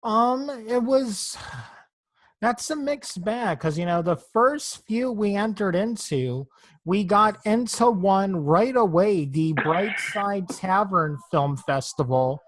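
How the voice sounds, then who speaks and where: A man hosting a podcast in relaxed, chatty conversation. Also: sits high, takes it slowly, no echo. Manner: relaxed, chatty, laughs easily. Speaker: podcast host. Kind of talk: casual chat.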